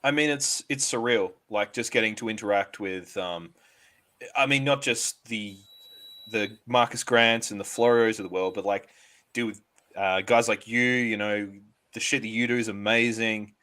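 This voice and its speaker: A man as a guest in a casual interview chat, relaxed and hesitant, with many fillers. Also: fairly low pitch, moderate pace.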